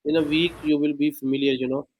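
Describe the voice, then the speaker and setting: A man teaching a one-on-one online language lesson, pausing often with fillers. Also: fairly high pitch, level tone, darkish tone, rough recording. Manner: hesitant, many "uh" and "you know".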